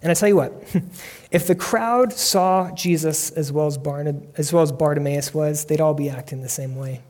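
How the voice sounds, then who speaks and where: This is a man delivering a sermon as pastor, full of heartfelt storytelling that climbs to shouting when he plays out a scene. His pitch is on the high side, and he talks at normal speed.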